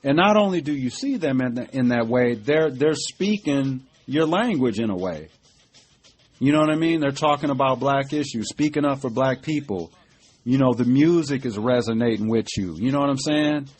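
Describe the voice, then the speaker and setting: A middle-aged man talking straight at his listeners in a loose, emphatic rant, swearing as punctuation and circling back with "you know what I'm saying". His voice sits at an ordinary middle pitch for a man, and he talks like a podcast host working through his feelings on air. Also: animated, normal speed, slightly rough. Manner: emphatic, profane, conversational with frequent fillers. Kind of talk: casual political commentary.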